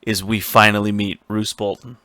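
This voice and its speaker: A man co-hosting a casual recap show, energetic and rambling, often restarting sentences and acting out what characters say. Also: fairly low pitch, normal speed, no room sound. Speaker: podcast co-host.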